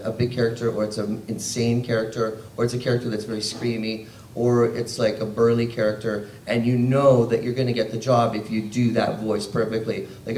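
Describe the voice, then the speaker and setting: A man's voice: fairly low pitch, far from the mic, slight background noise. A man, a voice actor, telling jokey stories at a convention panel. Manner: lively, jokey, drifts into quick voices. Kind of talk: animated panel storytelling. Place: large convention panel room. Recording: roomy convention hall.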